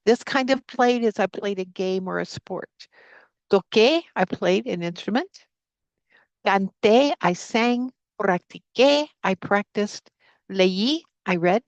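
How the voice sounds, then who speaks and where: A woman's voice: mid-range voice, creaky, dry recording, dull audio. A woman teaching a live online Spanish class, opening with a spoken prayer and then leading students through repeat-after-me drills. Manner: prays aloud, then drills vocabulary with repetition. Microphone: computer mic on a video call.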